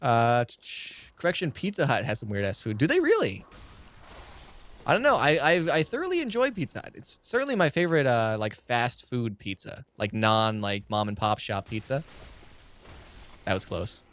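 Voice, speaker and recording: A man's voice: mid-range voice, moderate pace. A young man rambling and swearing freely through casual commentary while playing a game. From United States. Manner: rambling, profane, excitable ranting. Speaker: let's play streamer.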